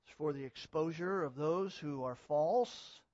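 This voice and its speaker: Male pastor, higher-pitched voice, emphatic sermon delivery that builds from calm to forceful, dry slightly dull recording. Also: measured pace, no room sound. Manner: swings from quiet teaching to loud emphatic exhortation; repetitive, emphatic preaching.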